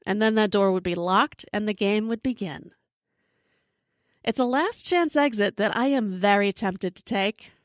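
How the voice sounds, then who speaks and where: A woman host recounting a comic personal story with a sarcastic, deadpan edge and plenty of swearing. Her voice sits in a middling range and is recorded close and dry, with no room sound. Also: mid-range voice, dry recording.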